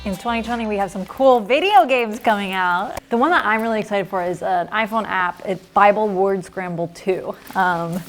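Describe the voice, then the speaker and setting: A woman on a comedy panel, delivering clueless non sequiturs in a flat deadpan. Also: mid-range voice, normal speed, hardly any pauses, a little hiss or hum. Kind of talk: deadpan absurd comedy chat.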